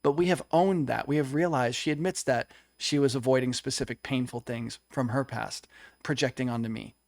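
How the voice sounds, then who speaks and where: A man's voice: mid-range voice, fairly even intonation, moderate pace, creaky, dry recording, clean studio sound. A young man telling a personal story in a conversation, earnest and confessional, acting out what others said. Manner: earnest, confessional, tells stories with quoted dialogue. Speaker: co-host.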